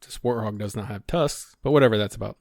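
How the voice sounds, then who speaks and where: A man's voice: fairly low pitch, quick pace, creaky, a little mellow, dry recording, clean studio sound. A man on a podcast as the guest, chatting casually and teasingly correcting the host. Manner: teasing, fact-checking corrections.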